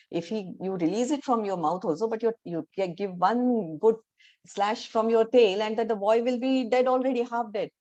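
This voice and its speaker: A woman with an Indian English accent voicing a clever, quick-witted male rabbit in a spoken fable, talking in a halting way with fillers. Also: fairly high pitch, dark tone, voice pushed up, natural voice. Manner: plain storytelling voice with halting fillers.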